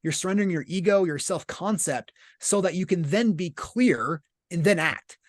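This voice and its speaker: Podcast guest: a man with a fairly high voice, earnest and explanatory, recorded dry and close. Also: moderate pace, no echo. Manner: earnest, explanatory, uses many rhetorical "right?" checks. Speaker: podcast guest, business leader. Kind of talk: casual conversational interview.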